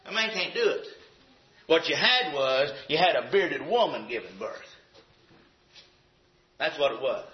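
A man's voice: on the high side, very animated, unhurried, pauses often. A man preaching a sermon in a church, emphatic and repetitive, firing off rhetorical questions. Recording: echoey, dull lo-fi sound.

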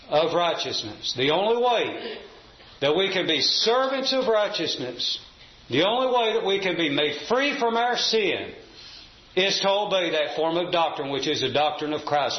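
Male preacher, emphatic sermon, higher voice, roomy dull church recording. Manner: emphatic, asks the congregation questions. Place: church room. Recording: roomy, dull, faint hum.

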